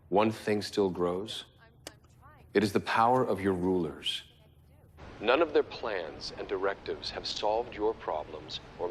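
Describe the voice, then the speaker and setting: Defiant rebel leader: low, husky voice, measured and declamatory film address. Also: male voice. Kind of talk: dramatic film speech.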